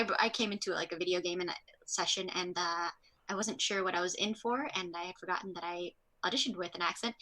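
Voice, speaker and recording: Chatty woman with a bright voice. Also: mid-range voice. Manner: rambling, chatty, many fillers. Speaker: voice actress host. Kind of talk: casual workshop talk.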